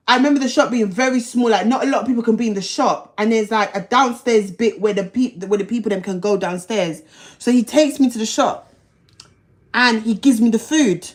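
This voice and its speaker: A woman telling a personal story on a livestream. She talks bluntly, in slang and profanity, and often repeats herself. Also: fairly high pitch. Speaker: livestream host.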